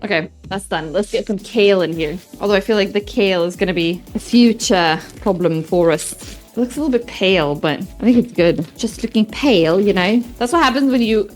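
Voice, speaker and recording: A woman's voice: mid-range voice, a little fast, a little mellow, faint music behind. A young woman from Sweden with a light Swedish accent, chatting casually and rambling as she cooks on stream. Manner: chatty, rambling, playful asides. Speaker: streamer cooking host. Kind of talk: casual cooking chat.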